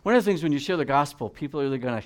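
A man preaching a sermon, reading scripture and swinging between loud emphatic peaks and quiet, low asides. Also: animated, rapid-fire.

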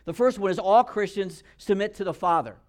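A male pastor delivers a sermon in a slightly raised register. He tells true stories in an earnest way, stumbles over words and restarts them, and softens to a near hush when he drives a point home. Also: high-pitched, a little fast. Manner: earnest storytelling with many restarts.

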